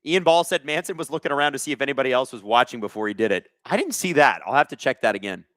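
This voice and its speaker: A man hosting a live hockey watch-along, reading viewer chat aloud and calling plays with excitable energy. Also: mid-range voice, racing, no echo, studio quality.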